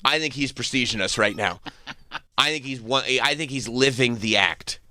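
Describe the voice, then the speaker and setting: A man's voice: mid-range voice, bright, forceful tone, no echo, studio quality. A man hosting a radio talk show, chatting casually and riffing at length with strong opinions. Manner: opinionated, rambling, quick to riff.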